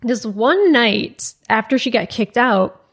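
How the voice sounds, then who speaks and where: A woman's voice: a little high, slow pace, slightly rough. A woman tells a long story to her co-host in easy, conversational podcast chat. She slips into the voices of the people she quotes and leans on "like" as she goes. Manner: animated retelling, acts out quoted dialogue, many "like" fillers.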